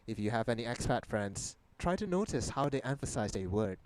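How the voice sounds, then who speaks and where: A man's voice: mid-range voice, big pitch swings, brisk, a little hiss or hum, rough recording. A young man from Malaysia, a native Mandarin speaker, hosting a video-call session and explaining ideas in English with rhetorical questions. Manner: lecturing, asks the audience rhetorical questions. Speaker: host.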